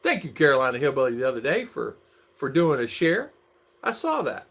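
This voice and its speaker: Man, middle-aged, livestream host, chatty, greets viewers by name, bouncy pitch. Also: very animated, brisk, gravelly, fairly bright tone. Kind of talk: casual livestream chat.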